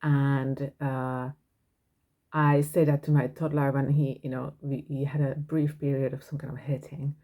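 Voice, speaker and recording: Woman, podcast host, casual monologue, low pitch, earnest, frank. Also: level tone, a little slow, mellow.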